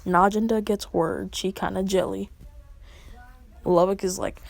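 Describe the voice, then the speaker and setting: A woman's voice: medium pitch, steady tone, measured pace, vocal fry, dry recording. A woman casually making up a fan-fiction story as she goes, rambling with lots of fillers and often dropping into a whisper.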